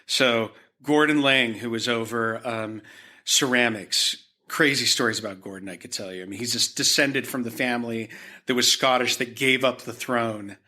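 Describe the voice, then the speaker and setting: A man's voice: mid-range voice, steady tone, normal speed, bright, forceful tone. A man from Utah, a gallery owner, guest on a podcast, telling his story in a rambling way full of fillers and restarts. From Utah, United States. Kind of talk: conversational storytelling.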